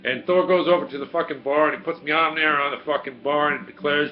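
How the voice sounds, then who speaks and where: A man's voice: a little high, steady tone, fast talker, few pauses, lo-fi sound. A man in his forties, casually telling a profane story and answering viewer questions as host, laughing often. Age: 40s. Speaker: video Q&A host.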